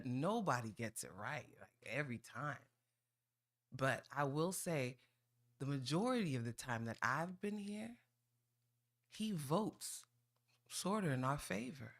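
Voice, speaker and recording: A woman with a low-sitting voice gives an informal public comment at a council meeting, playful, folksy, and teasing, often drawing out "ooh".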